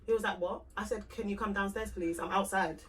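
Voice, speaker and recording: A woman's voice: medium pitch, steady tone, a little fast, very noisy. A young woman, co-hosting a podcast and telling a personal story in casual chat, acting out both sides of the conversation. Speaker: podcast co-host. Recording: voice from a distance off the mic.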